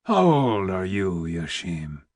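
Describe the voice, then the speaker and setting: A man reading an audiobook, voicing a weary, heavy old vizier who speaks slowly in a deep, rumbling, almost whispered growl. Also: big pitch swings, a little mellow, slightly rough, no room sound, studio quality, exaggerated voice. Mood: grave. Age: older. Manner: slow, grave and weighty.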